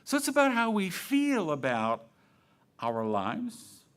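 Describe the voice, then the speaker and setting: Lively, playful male minister. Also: high voice, slow. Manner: conversational, playful, asks questions. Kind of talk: sermon. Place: church sanctuary.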